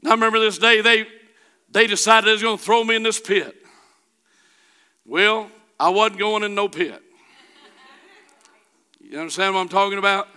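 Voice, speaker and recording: A middle-aged man preaching a sermon, telling a folksy personal story that builds to shouting. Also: high voice, fairly even intonation, normal speed, pauses often, clean tone.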